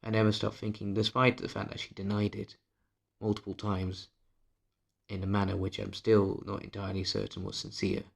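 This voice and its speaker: Gravelly, husky man confiding. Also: lowish voice, monotone, moderate pace. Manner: candid and bitter, swears freely, often drops to a hushed murmur. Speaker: vlogger. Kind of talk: confessional personal vlog monologue.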